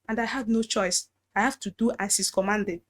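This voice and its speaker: A woman with a Nigerian accent, a native Igbo speaker, giving a personal testimony in a halting way, often restarting and repeating phrases. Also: medium pitch, fairly even intonation. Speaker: guest telling her story.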